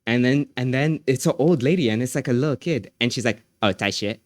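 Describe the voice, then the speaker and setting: A man livestreaming, chatting casually with his viewers, excitable and repeating phrases as he laughs often. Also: mid-range voice, fast talker, no echo, studio quality.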